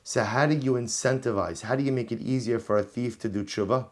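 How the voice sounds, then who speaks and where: Animated rabbi teaching a lesson. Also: male voice, medium pitch, brisk. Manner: animated, emphatic storytelling with repeated phrases. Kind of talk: Torah class lecture.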